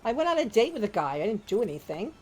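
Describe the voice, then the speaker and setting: A woman's voice: fairly high pitch, very animated, fast talker, darkish tone. A middle-aged mother chatting casually on her child's game stream, rambling from story to story and swearing now and then.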